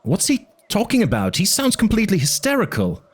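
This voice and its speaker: A man voicing a nervous, high-strung male driver who swears and frets as things go wrong. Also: wildly swooping pitch, brisk, breathy edge, exaggerated voice. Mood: anxious. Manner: jittery, swearing, panicky.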